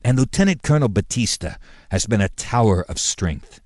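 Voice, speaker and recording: A man voicing a formal, indignant male governor who speaks in a measured way with pointed emphasis. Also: on the low side, lively intonation, a little mellow, no echo, clean studio sound.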